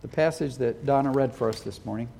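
A man's voice: mid-range voice, quick pace, gravelly, warm tone, slight background noise. A middle-aged man preaching a sermon as pastor, speaking earnestly and with emphasis.

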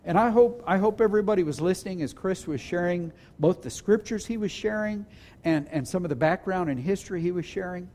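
A man preaching a sermon to a congregation as pastor, earnest, restarting phrases and slowing down to stress key words. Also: high-pitched, darkish tone. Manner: earnest, with restarts and slowed emphasis. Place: church hall with a congregation.

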